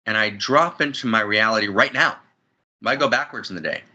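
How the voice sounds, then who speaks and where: Bright, husky, effusive man. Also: on the low side, a little fast, lo-fi sound. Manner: effusive, builds to soaring emphatic peaks. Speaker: interview guest. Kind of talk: spiritual conversation. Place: friend's house, indoors.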